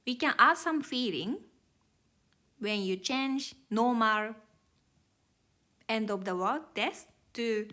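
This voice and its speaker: A woman's voice: fairly high pitch, slow, long pauses, pushed and bright. A woman teaching Japanese grammar to learners, explaining each step carefully in plain, slightly non-native English.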